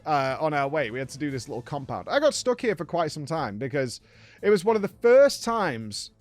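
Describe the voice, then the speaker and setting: A man hosting a casual gaming recap, telling the story with laughs and acted-out quotes. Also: fairly high pitch. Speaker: gaming streamer host.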